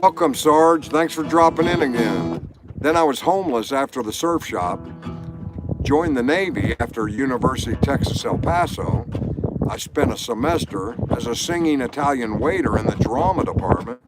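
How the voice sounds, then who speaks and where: A man's voice: mid-range voice, animated, normal speed, rough recording. A man in his sixties from Florida hosting a livestream, chatting in a rambling, folksy, confessional way. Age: 60s. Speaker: livestream host. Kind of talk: casual livestream chat with viewers. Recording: livestream with loud background music. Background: loud music.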